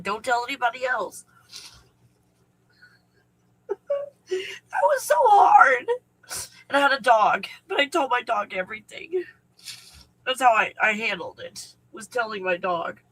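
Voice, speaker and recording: A man's voice: sits high, bright, forceful tone, poor audio. A man talking straight to his audience in a rambling personal monologue, full of fillers and restarts. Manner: rambling with fillers, breaking into tearful laughter. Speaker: video host recounting memories.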